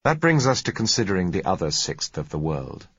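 A man narrating a novel in a measured, even storytelling manner, in a dull lo-fi recording. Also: low-pitched, husky, no echo. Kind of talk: audiobook narration.

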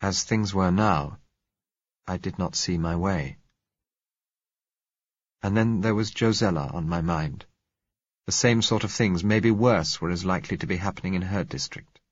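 A man narrating a novel in the first person, measured and reflective. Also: deep voice, slightly rough, dry recording, muffled recording.

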